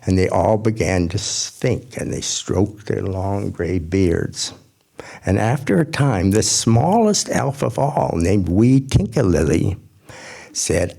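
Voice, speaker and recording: A man telling a folk tale to a gathering, in a measured, gentle storytelling manner. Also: sits low, expressive, vocal fry.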